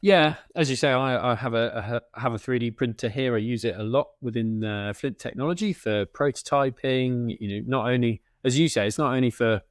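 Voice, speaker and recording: Relaxed man co-hosting a podcast. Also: medium pitch, normal speed, few pauses, no room sound, clean studio sound. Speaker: podcast co-host. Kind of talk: casual podcast chat.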